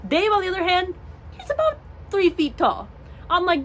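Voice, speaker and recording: A young woman telling a storytime vlog story in an animated way, acting out the voices of the people in it. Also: very high-pitched, moderate pace. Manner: animated, acts out voices in her stories. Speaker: vlogger.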